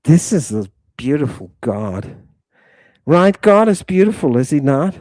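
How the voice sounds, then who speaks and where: Male host, livestreamed lecture; emphatic, repeats himself, talks at the audience; unhurried delivery. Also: on the high side, big pitch swings, a little mellow, dry recording, clean studio sound. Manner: combative, addresses audience directly; emphatic, repeats his points.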